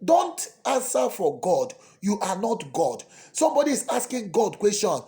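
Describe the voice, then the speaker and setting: A man, a priest preaching a sermon that swings dramatically between soft pleading and loud cries. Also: sits high, very animated, moderate pace.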